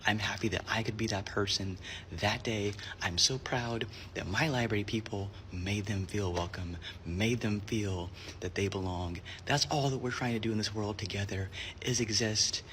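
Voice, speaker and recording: A man's voice: lowish voice, moderate pace, a bit bright, a little hiss or hum. A man working as a librarian, telling heartfelt stories in an earnest monologue that sometimes drops to a whisper. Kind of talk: storytelling monologue.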